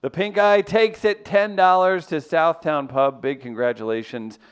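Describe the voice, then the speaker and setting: A man's voice: on the high side, clear, resonant tone. A man hosting a radio show, joking and teasing his co-hosts in casual banter. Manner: joking, teasing, quick to mock.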